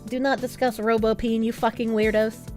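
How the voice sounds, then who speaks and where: A woman's voice: a little high, flat delivery, moderate pace, darkish tone, faint music behind. A woman livestreamer chatting casually and thanking viewers for donations, crude and joking, swearing freely. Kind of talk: casual stream chat, reading out donations.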